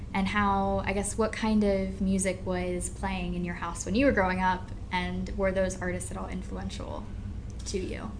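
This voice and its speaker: A woman's voice: medium pitch, fairly bright tone, slight background noise. A woman hosting a podcast in a casual, rambling, self-mocking way, tired after a night without sleep, recorded at a venue during sound check. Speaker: podcast host.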